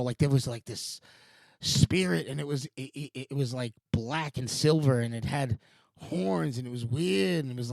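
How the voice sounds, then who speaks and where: A man's voice: medium pitch, vocal fry, a little mellow, dry recording, clean studio sound. A man in his forties hosting a morning show, talking in a digressive, rambling monologue with frequent restarts and casual swearing. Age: 40s. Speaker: show host.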